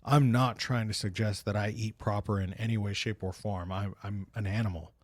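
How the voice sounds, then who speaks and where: A man's voice: lowish voice, steady tone, dry recording, clean studio sound. A man co-hosting a podcast, chatting casually, hesitant with restarts as he steers the topic. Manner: halting, many fillers and restarts, leads topics. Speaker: podcast co-host.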